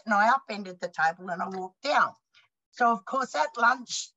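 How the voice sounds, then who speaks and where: Aussie lady 50s telling it straight on a panel, punchy bright voice, muffled recording. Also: mid-range voice, unhurried. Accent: Australian. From Australia. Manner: blunt, animated storytelling with acted-out dialogue. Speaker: panelist and university student. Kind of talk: storytelling on a panel.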